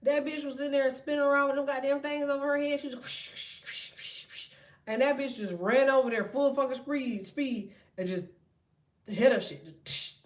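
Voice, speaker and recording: A woman in her thirties with a high voice rants to her viewers in a loose, profane run of stories and jabs. She talks bluntly, with heavy cursing and a lively, storytelling push. Her voice sits a little back from the microphone. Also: normal speed, distant mic. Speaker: tarot reader and vlogger. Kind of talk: profane casual rant to viewers.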